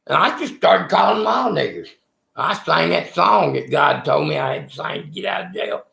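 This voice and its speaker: A man's voice: on the high side, expressive, moderate pace, gravelly, pushed and bright, echoey room. A man telling a rambling, profane story about his time in prison. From Texas.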